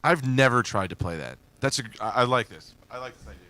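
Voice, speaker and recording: A man's voice: mid-range voice, expressive, fast talker, bright, forceful tone. A man hosting a live music request stream, chatting casually and rambling as he reads and answers viewers, often laughing. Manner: laughs often, loose and joking. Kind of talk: casual live-stream chat between songs.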